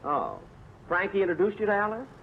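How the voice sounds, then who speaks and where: An actor playing an exasperated, wisecracking comedian who talks in a dry, sarcastic deadpan on an old radio comedy broadcast. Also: male voice, high-pitched, a little fast, vocal fry, a little hiss or hum, heavily acted. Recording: tinny old radio broadcast with studio audience.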